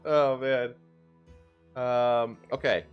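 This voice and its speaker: A man's voice: mid-range voice, steady tone, drawn-out words, clean tone, dull audio, faint music behind. A man hosting a casual podcast, reacting to clips with laughs and rambling asides. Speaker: podcast host.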